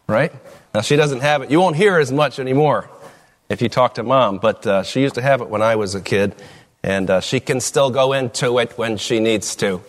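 A pastor preaching a conversational sermon, asking the congregation questions and reading scripture slowly and deliberately. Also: male voice, medium pitch. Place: church sanctuary. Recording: long reverb of a large room.

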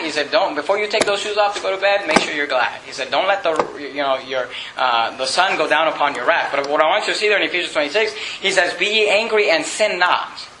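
A man preaching a sermon in a folksy style. He reads scripture slowly and builds up to loud, emphatic peaks. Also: on the high side, noisy background. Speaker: pastor. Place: church sanctuary. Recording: echoey church room.

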